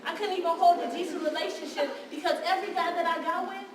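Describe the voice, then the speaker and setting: A woman's voice: extremely high pitch, fairly even intonation, quick pace, background noise. An actress playing a wounded, defiant young woman who confesses to her counselor on a live stage, talking raw and confrontational. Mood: defiant, angry. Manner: raw and confrontational, with bursts of bitter laughter. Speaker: stage actor. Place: theater stage. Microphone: distant room mic. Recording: echoey hall from far off.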